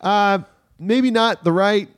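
A man's voice: sits high, slow, clean tone, dry recording, clean studio sound. A man hosting a podcast, reading music news aloud and then joking about it with his co-hosts. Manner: reads news items, then jokes and laughs. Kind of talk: casual comedic chat.

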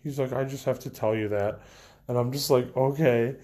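A man's voice: mid-range voice, steady tone, normal speed, a little mellow. Rambling young man telling stories. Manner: rambling, many fillers and restarts. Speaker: vlogger. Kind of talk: casual storytelling to camera.

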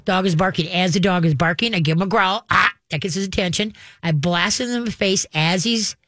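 A woman's voice: lowish voice, a little fast, fairly bright tone, no echo, clean studio sound. A woman dog trainer, a guest giving casual advice in a folksy, rambling way. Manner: folksy and rambling, acts out dogs and owners.

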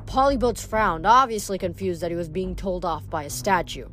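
A woman's voice: lowish voice, animated, normal speed, hardly any pauses, fairly bright tone, faint music behind. A woman reading a novel aloud, with occasional stumbles and self-corrections. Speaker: audiobook reader.

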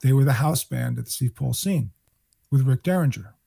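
A man in his sixties from New York, a guest musician telling animated stories and acting out the people he quotes. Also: mid-range voice, normal speed, vocal fry, husky. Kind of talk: storytelling interview.

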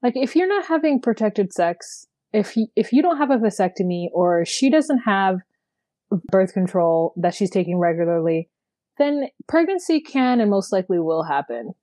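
A woman's voice: mid-range voice, very animated, moderate pace, dark tone, no room sound. A woman co-hosting a podcast, recapping a reality show in casual, opinionated chat full of "like". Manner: chatty, opinionated, heavy use of "like". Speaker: podcast co-host.

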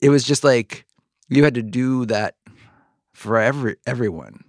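A man's voice: medium pitch, normal speed, no echo, clean studio sound. A middle-aged man hosting a podcast interview, rambling with many likes and restarts. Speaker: podcast host. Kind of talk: conversational interview.

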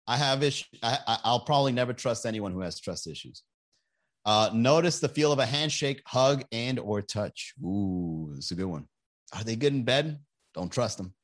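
A man's voice: medium pitch, lively intonation, normal speed. A man hosting a comedy podcast, chatting casually and reading viewer comments, profane and sarcastic, often laughing at his own jokes.

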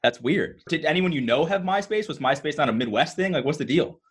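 A man in his thirties co-hosting a podcast, chatting casually in a quick, rambling, joking way. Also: on the high side, lively intonation, breathy edge. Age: 30s. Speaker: podcast co-host. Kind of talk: casual chat.

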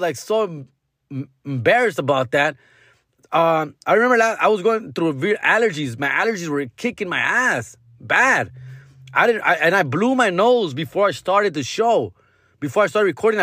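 A man, a comedian hosting his podcast, telling a story in an animated, slangy, profane way on a close mic. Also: sits high, dry recording. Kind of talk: casual storytelling.

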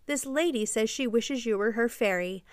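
A woman's voice: fairly high pitch, moderate pace, clean tone, no echo, studio quality, lightly acted. A woman voicing a boastful boy who never grows up. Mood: cocky.

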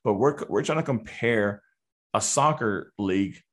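A man's voice: on the low side, expressive. A man from the United States in a casual chat, who often stops and restarts his sentences and readily agrees with the other speaker. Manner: halting, restarts a lot, agreeable.

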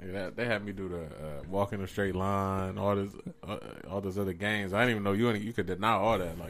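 A man's voice: sits low, fairly even intonation, fairly quick, hardly any pauses, fairly bright tone. A man chatting casually with a friend, laid-back, laughing along and telling his own short story. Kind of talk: casual chat.

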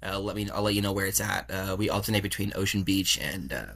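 Young male guest, bright voice; animated, chatty anecdote teller who acts out dialogue. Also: low voice, fast talker. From California. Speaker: podcast guest. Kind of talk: casual storytelling interview.

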